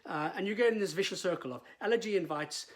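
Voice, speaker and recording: A middle-aged man talks casually as a vet, his voice sitting a little high for a man. He stumbles and repeats words, with plenty of "uh" and "um" as he explains. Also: fast talker. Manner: chatty, repeats words, many fillers. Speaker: veterinarian.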